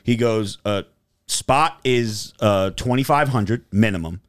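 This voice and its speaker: A man's voice: fairly low pitch, slow pace. Podcast guy telling a story, swears a ton, does the voices of everyone he talks about. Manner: profane, animated storyteller acting out dialogue. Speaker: podcast host. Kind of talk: casual storytelling.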